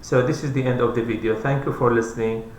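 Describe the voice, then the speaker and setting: A man's voice: mid-range voice, steady tone, darkish tone, a little hiss or hum. Male teacher, patient repetitive explainer, echoey room sound. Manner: slow, repetitive, spells out letters. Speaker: English grammar teacher. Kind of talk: explaining grammar lesson. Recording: roomy echo.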